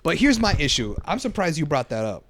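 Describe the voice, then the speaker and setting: A man co-hosting a podcast in loose, profane movie-review chat. His voice sits a little high and swings widely in pitch. He bursts into loud mock shouts when acting out how he would react. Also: fairly quick. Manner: animated, swears a lot, yells when acting out reactions. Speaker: podcast co-host.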